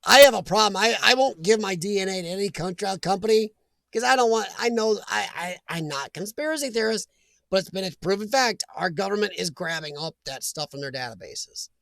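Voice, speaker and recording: An American man with a high, light voice rambles through a casual live chat. He drifts between stories and greets viewers from the chat as he goes. The sound is dry and close, with no room around it. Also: expressive, fairly quick, creaky, a bit bright, no echo. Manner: rambling, chatty, reads chat aloud. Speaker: live stream host.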